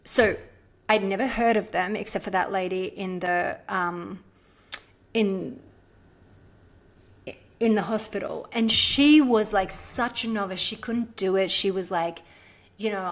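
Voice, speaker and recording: A woman's voice: medium pitch, measured pace, long pauses. A woman with a mid-range voice tells a personal story as a podcast guest. She talks casually and chattily, and she fills her sentences with "like" as she animatedly recounts what happened. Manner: chatty, frequent "like" fillers, animated retelling.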